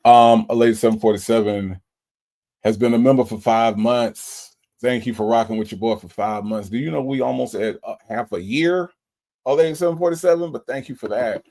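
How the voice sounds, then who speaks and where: A man's voice: medium pitch, moderate pace, dark tone. A man hosting a livestream, emotional and repeating his thanks to viewers again and again. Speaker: livestream host. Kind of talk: casual livestream shout-outs.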